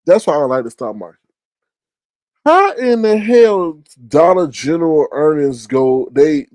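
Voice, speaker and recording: A man's voice: a little high, a little mellow, dry recording. A man hosting a livestream in a casual chat, sleepy and yawning, rambling and trailing off as he restarts his thoughts. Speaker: livestream host. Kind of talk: casual live-chat commentary.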